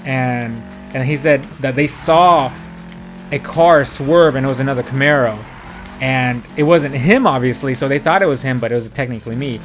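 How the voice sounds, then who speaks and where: A man's voice: medium pitch, normal speed, faint music behind. A young man telling a story in a casual, rambling way while he streams a driving game, full of fillers and quoted dialogue. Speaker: gaming streamer.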